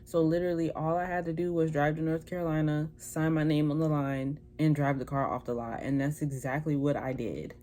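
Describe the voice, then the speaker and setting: A woman's voice: low-pitched, fairly even intonation, fairly quick, few pauses, warm tone, a little hiss or hum. A young woman vlogger telling a personal story in a casual, chatty way, acting out what people said in different voices. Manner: chatty, acts out quoted dialogue in altered voices.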